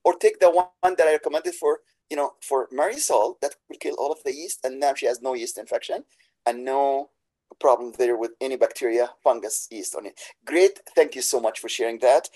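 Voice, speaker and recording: A man speaks over a video call with a mellow, slightly husky voice. He teaches in a webinar and piles on praise. His English is slightly broken. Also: mid-range voice, brisk, low-quality recording. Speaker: practitioner and instructor. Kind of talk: webinar talk.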